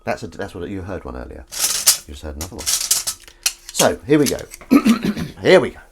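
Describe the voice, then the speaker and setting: A man's voice: low voice, big pitch swings, moderate pace. An English man hosting a casual livestream, reading viewers' messages aloud and joking in a playful, rambling way. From England. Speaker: livestream host reading chat. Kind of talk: casual chat while washing up. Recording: dish clatter and noise behind. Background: clattering dishes and cutlery.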